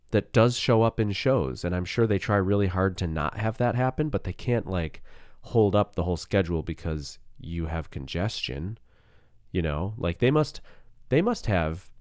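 A man's voice: sits low, a little mellow, no echo, clean studio sound. A man hosting a casual solo podcast, rambling and self-deprecating, with a groggy morning voice and a cold. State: low morning voice; has a cold. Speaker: podcast host.

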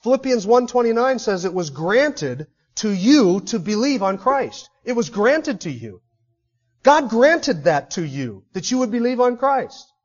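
A man's voice: very high-pitched, sing-song, a little slow, dull audio. A man preaching a sermon as a pastor, building emphatic lists and stressing key words.

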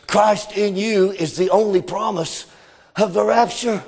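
A middle-aged man, preaching a sermon with fervor, often rising into shouted exclamations. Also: sits high, fairly even intonation, measured pace, creaky.

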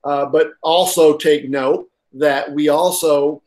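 A man's voice: on the high side, fairly even intonation, takes it slowly, a little mellow. A man preaching a sermon, reading from a workbook and stressing his points with repeated words and restarts. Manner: reads aloud from a workbook. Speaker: pastor.

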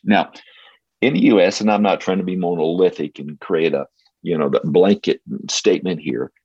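A man's voice: sits low, normal speed, a little mellow, husky, no room sound. A man, a pastor talking as a podcast guest in an earnest, reflective, storytelling way. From United States. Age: 60s. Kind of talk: casual interview talk. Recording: dull, slightly lo-fi sound.

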